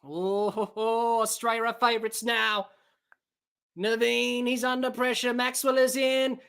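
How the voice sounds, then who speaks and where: A woman hosts a live cricket watch-along podcast with a bright, forward voice that sits a little high. She talks listeners through each ball, reads their comments aloud and breaks into excited shouting when the big shots land. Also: slow, clear, resonant tone.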